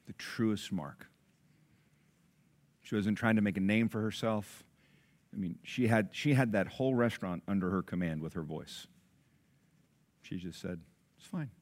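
A middle-aged man preaching a sermon, telling a story with loud excited bursts and soft low asides. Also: moderate pace, pauses often. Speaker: pastor.

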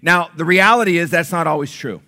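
A man's voice: on the high side, brisk, pushed and bright. A man preaching a sermon in a playful, conversational way, joking with and questioning his congregation. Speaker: pastor.

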